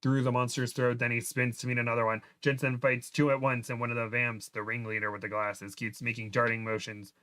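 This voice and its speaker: A man's voice: medium pitch, level tone, fairly quick, few pauses, pushed and bright. Man reading fan fiction aloud on a livestream, mid-range voice, casual amused read, guest reader. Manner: amused, breaks into laughter while reading.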